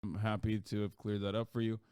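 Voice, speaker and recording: A male streamer talks in loose, profanity-laced chat that climbs sharply in pitch whenever he gets heated. His voice is smooth and resonant, and the recording is close and dry with no room sound. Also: level tone, brisk, no room sound. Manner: profane, rambling, with sudden loud jumps in pitch. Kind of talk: casual live-stream chat.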